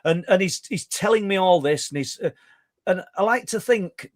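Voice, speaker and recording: A man's voice: high voice, normal speed, no echo, studio quality. Talkative Yorkshire man telling a story. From Yorkshire, England. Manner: talkative, stumbling restarts, animated. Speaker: guest researcher. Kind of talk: storytelling in conversation.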